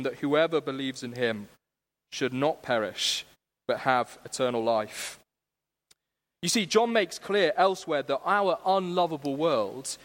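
Young male preacher, fairly high voice, earnest and lively, church echo. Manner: earnest and animated, shifting from self-mocking humor to hushed gravity. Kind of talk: sermon. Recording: long church reverb.

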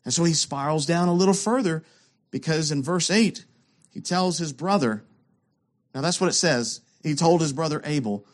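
A man preaching with a notably high voice. He leans hard on key words and asks pointed rhetorical questions. He drops to hushed lows before rising again. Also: expressive, moderate pace. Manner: emphatic, rhetorical questions, swings between loud and hushed. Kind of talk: sermon.

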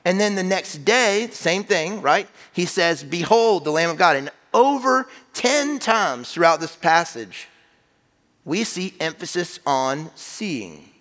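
A man preaching in a church, his voice bright and forceful and fairly high for a man. He talks in a conversational, emphatic way, often restarting a phrase. His words ring out with a long reverb around them. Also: big pitch swings, slow pace. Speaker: pastor. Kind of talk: sermon. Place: church sanctuary.

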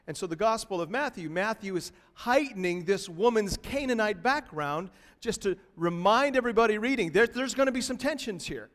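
A male pastor delivers his sermon with a high-pitched voice. His preaching is expressive and his pleas rise with emotion. The room carries a long, ringing reverb. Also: normal speed. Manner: expressive preaching, voices a pleading woman in rising tones. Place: church hall.

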